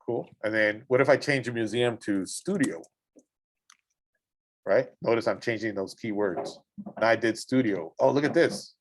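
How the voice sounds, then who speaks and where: A man's voice: lowish voice, normal speed, slight background noise. A man teaching a school art and design class in a casual, chatty way, exclaiming over pictures and often checking in with the students. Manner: enthusiastic, exclaims over images and keeps checking in with "right?". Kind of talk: casual classroom instruction while browsing images.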